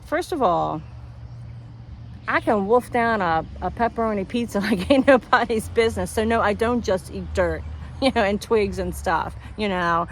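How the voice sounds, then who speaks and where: A woman's voice: medium pitch, moderate pace, slight background noise. A woman vlogger talking casually and venting, acting out what other people said to her. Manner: chatty, animated, acts out others' lines. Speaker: homestead vlogger.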